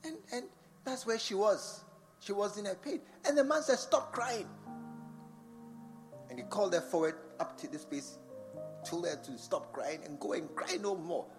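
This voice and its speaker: A man's voice: high-pitched, moderate pace. A man preaching a sermon in a large church, firing rhetorical questions at the congregation. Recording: long church reverb with faint music behind.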